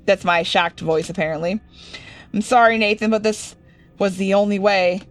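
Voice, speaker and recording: A woman's voice: mid-range voice, fairly even intonation, normal speed, faint music behind. Joking woman reading game text aloud. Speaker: gaming video host. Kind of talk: casual let's-play commentary.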